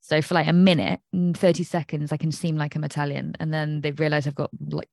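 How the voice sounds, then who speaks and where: A woman's voice: sits low, level tone, a little fast, vocal fry, a little mellow, dry recording. An English woman hosting an astrology podcast, talking in a chatty, digressive way and laughing at herself. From England. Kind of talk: casual rambling monologue.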